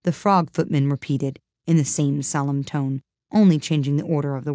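A woman with a deep, low voice narrates a children's classic in a measured, steady read. The recording is dry and close, with no room sound. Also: dry recording. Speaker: audiobook narrator. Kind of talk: storybook narration.

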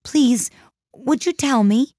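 A woman's voice: medium pitch, animated, normal speed, a little mellow, no echo, clean studio sound, voice pushed up, close to an everyday voice. A woman voicing a polite but exasperated young girl who keeps asking earnest questions.

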